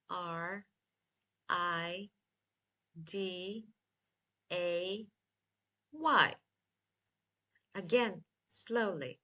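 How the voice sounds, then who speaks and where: A woman teaching a scripted beginner lesson, drilling words slowly and spelling them letter by letter. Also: mid-range voice, a bit bright. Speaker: English teacher.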